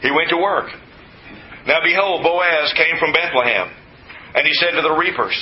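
A man's voice: on the high side, moderate pace. A man from West Texas preaching a sermon, stressing and repeating key words with folksy asides, in a slightly muffled recording. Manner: emphatic, repetitive teaching with folksy asides. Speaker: pastor. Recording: slightly muffled with faint hiss.

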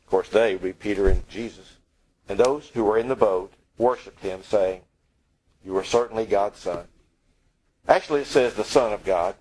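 A man's voice: on the low side, normal speed, darkish tone, slightly rough, poor audio. A man preaching a sermon in a conversational, wry way, acting out the lines he quotes.

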